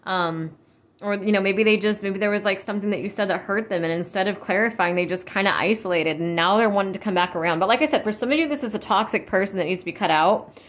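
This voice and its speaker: A woman's voice: mid-range voice, fast talker. A woman doing a casual spiritual reading for viewers, rambling and reassuring, full of "like" and "you know". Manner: reassuring, speaks directly to viewers. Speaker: tarot and spirit-guide reader.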